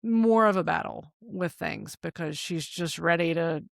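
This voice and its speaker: A woman in her thirties co-hosting a podcast, telling a story in casual chat, animated and swearing freely. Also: lowish voice, unhurried, gravelly, dry recording, studio quality. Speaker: podcast co-host.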